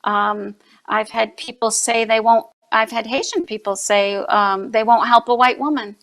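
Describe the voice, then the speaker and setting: A woman and mother speaking as an interview guest about her fight against trafficking, earnest and forceful, repeating points for emphasis. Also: a little high, fairly even intonation, a little slow. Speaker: guest, anti-trafficking activist. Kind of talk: impassioned interview answers.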